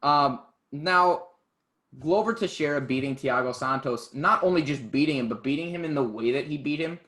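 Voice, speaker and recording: Male podcast co-host, casual chat, easygoing and quick to laugh. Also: fairly high pitch, fairly bright tone. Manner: chatty, laughs easily, trails off with fillers. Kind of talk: casual chat about MMA.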